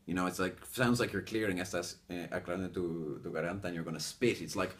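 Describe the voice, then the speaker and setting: A man originally from Spain runs a relaxed pronunciation lesson, mixing English and Spanish. His voice sits a little low, and he acts out examples with playful exaggeration. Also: fast, noisy background. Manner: animated, demonstrates sounds with exaggerated examples. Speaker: English teacher. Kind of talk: bilingual language lesson chat.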